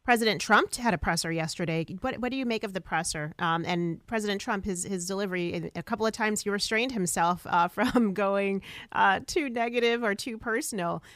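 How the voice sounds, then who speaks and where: A woman with a mid-range voice co-hosts a talk radio show and asks a guest questions in a measured way. Her close studio mic sounds completely dry. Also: medium pitch, a bit bright, no room sound. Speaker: radio co-host.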